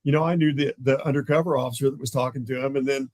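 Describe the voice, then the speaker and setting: A man's voice: mid-range voice, rapid-fire, dry recording, poor audio. A man, a police lieutenant telling stories in a casual interview and acting out the voices of the people in them. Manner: animated, acts out the voices in his stories. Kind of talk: casual storytelling in a podcast interview.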